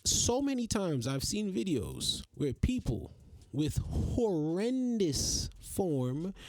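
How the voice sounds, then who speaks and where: Profane, exasperated man ranting slowly. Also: sits high, huge pitch swings, a little mellow. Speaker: podcast host. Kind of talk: casual solo rant.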